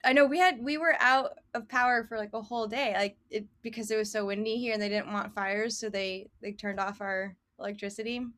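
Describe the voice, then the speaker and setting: A woman's voice: medium pitch, steady tone, fairly quick, hardly any pauses, fairly bright tone. A woman hosting a podcast, chatting loosely with many fillers and laughing often. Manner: giggly, loose, lots of fillers. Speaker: podcast host. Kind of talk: casual interview chat.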